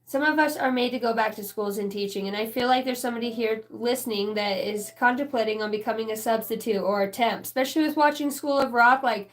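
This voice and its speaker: A woman's voice: fairly high pitch, fast talker, few pauses. A woman giving a rambling, casual channeled reading, swearing freely and talking straight to her listeners. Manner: rambling, profane, chatty. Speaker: spiritual channeler.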